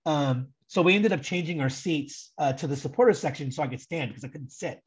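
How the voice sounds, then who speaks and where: Young American guy, guest storyteller, casual and rambling, husky tone, muffled call line. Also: on the high side, a little fast. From United States. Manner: rambling, animated, heavy use of "like". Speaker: guest, soccer super fan.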